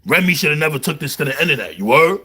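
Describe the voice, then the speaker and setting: A man with a Brooklyn accent, telling jail stories in a casual, animated monologue full of slang. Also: a little high, rapid-fire, husky. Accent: New York, Brooklyn. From New York. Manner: animated storytelling, heavy slang, repeats "you heard". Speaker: vlogger.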